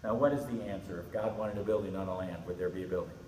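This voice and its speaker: A middle-aged man preaching to a youth group, telling a story with animated, acted-out quotes. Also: sits low, quick pace, far from the mic, a little hiss or hum. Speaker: pastor. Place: church hall. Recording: echoey hall with faint ambience.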